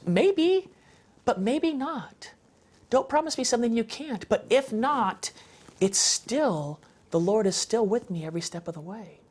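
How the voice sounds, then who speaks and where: A man's voice: high voice, a little mellow. A man giving a heartfelt, passionate faith testimony as a guest, talking in an emphatic, conversational way and repeating phrases for stress. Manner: conversational, with fillers and restarts. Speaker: guest speaker on a parenting show.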